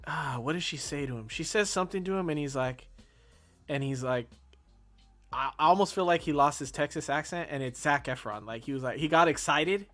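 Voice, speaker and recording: A man's voice: fairly high pitch, a little fast, a bit bright, faint music behind. A man guesting on a casual movie review chat, rambling in an easygoing way with frequent "yeah" and "like".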